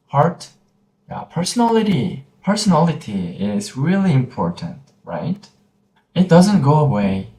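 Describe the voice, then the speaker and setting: A man with a Korean accent teaching pronunciation in a gentle lesson, repeating each sound slowly. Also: mid-range voice. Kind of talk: slow, patient pronunciation lesson. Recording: roomy echoey room.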